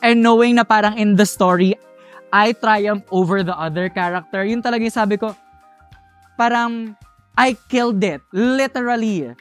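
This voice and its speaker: A young adult drag performer with a Filipino accent, co-hosting a casual podcast in English mixed with Filipino, animated and emotional. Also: female voice, mid-range voice, normal speed, faint music behind. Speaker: podcast co-host and drag contestant.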